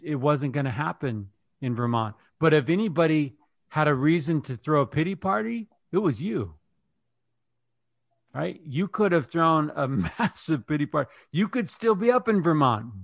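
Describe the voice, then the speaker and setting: A man's voice: on the high side, gravelly, dry recording. Upbeat man co-hosting a podcast. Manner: storytelling, upbeat, laughs easily. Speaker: podcast co-host. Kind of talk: casual interview chat.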